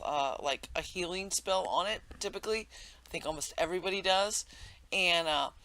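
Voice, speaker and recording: A man's voice: fairly high pitch, bright, forceful tone. A man giving casual, rambling commentary over his gameplay, full of fillers and self-corrections as he explains the game. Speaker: game tutorial narrator.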